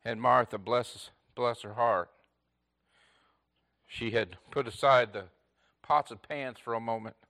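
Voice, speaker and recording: Emphatic preacher, slow and bright-voiced. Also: male voice, medium pitch, creaky. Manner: swings between loud emphatic lines and hushed near-whispers; preaches in short, repeated declarative phrases. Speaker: pastor. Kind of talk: sermon.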